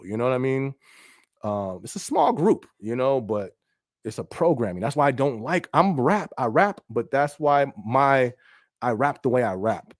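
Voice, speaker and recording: A man's voice: mid-range voice, no echo, studio quality. A man hosting a casual podcast stream, reading viewer comments aloud in a laid-back way and often checking in with "you know what I mean". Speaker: podcast host and rapper.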